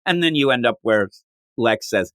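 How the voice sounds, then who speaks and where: A man co-hosting a comics podcast, talking loosely and rambling through his recap. He breaks into quick put-on character lines with big leaps in pitch, and his voice sits at a middle pitch in a dry, close sound. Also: lively intonation, fairly bright tone, no room sound. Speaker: podcast co-host. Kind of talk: casual chat reviewing comics.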